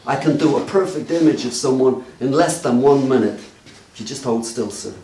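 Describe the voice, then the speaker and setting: A man doing live character comedy as a detective, with deadpan mock-official patter aimed at the audience. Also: medium pitch, moderate pace. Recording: echoey live room, distant mic, faint noise.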